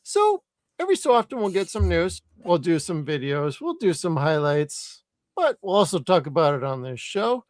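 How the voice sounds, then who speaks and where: There's a sing-song lilt to this man's fairly high voice as he hosts a live podcast at a moderate pace, with no room sound audible. The talk is loose and casual, peppered with free swearing.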